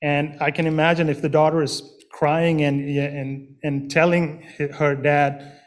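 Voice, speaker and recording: A man preaching a sermon in a slow, earnest way, pausing with fillers and restarting his phrases. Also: fairly high pitch, little pitch movement.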